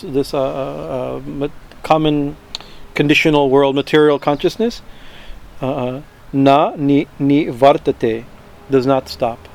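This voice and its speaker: A man with a slightly high voice leads a scripture class, chanting each Sanskrit word slowly before explaining it. His talk is halting and full of "uh" and restarts, and faint traffic noise hums behind him. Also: creaky, darkish tone. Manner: halting, with many fillers and restarts; chants Sanskrit words slowly, then translates them. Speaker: scripture teacher.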